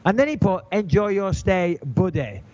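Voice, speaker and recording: A man co-hosting a podcast, telling an animated, indignant story in casual chat. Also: a little high, normal speed. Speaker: podcast co-host. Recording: dull lo-fi podcast audio.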